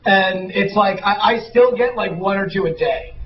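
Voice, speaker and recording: A man co-hosting a casual live web show, playful, stumbling over his words in quick restarts. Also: sits high, recorded from a distance, a little hiss or hum. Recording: roomy, off-mic, dull lo-fi.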